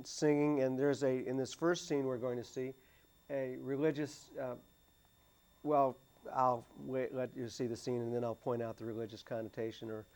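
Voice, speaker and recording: A man sits on a studio panel talking through a film he likes. He speaks at an everyday pitch and stops often to restart his sentences, with plenty of fillers between thoughts. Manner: halting, many restarts and fillers. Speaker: panelist on a movie discussion show. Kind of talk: casual chat about a film. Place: cable TV studio.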